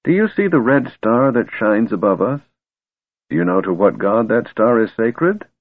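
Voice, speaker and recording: A man voicing a kindly old wizard who is secretly a god, speaking slowly and gently. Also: mid-range voice, big pitch swings, no echo, pitched above the performer's own voice. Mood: gentle storytelling. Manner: slow, gentle and soothing. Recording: tinny, phone-like and dry.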